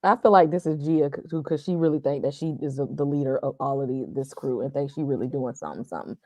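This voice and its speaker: A woman's voice: rumbling low, darkish tone, no room sound. A woman on a casual TV review panel, blunt and slangy. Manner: blunt, slangy, fast talking.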